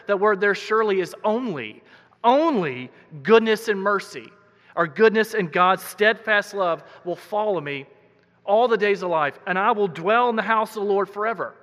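A man preaching in a high, bright voice, earnest and emphatic. He leans on repeated words to drive each point home. His voice rings with the long reverb of a large church hall. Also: lively intonation, moderate pace. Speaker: pastor. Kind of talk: sermon.

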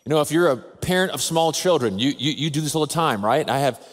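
A man, a father of a toddler, preaching a sermon in an earnest, measured way with slow, emphatic pauses. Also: fairly high pitch, expressive. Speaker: pastor. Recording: long reverb of a large hall.

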